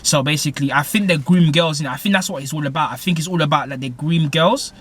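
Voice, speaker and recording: Young-sounding guy, rapid, slang-heavy plot retelling with a faint hum behind him. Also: a little high, fairly bright tone. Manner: rambling, heavy slang, repeats "basically" and "innit". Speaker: movie reviewer. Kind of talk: casual film plot recap.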